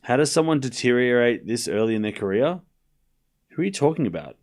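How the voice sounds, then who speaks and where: An Australian man calls tennis play-by-play for his live stream audience. His voice swings widely in pitch and sits at a middling register. Between points he bickers with his chat, quick to take offence in a playful way. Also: lively intonation. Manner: quick-tempered, jokey back-and-forth with chat. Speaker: streamer calling a tennis match.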